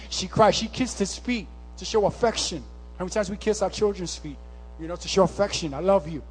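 A man preaching a sermon, swinging from impassioned, near-shouted calls to hushed, conversational storytelling. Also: high voice, breathy edge. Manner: impassioned, rising to near-shouts, then softening to a hush; casual, conversational storytelling with slang.

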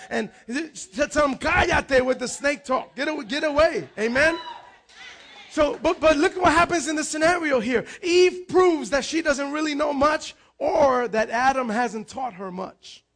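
High-pitched, gravelly pastor preaching loudly. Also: male voice, unhurried. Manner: energetic preaching with frequent shouts and repeated words. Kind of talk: sermon.

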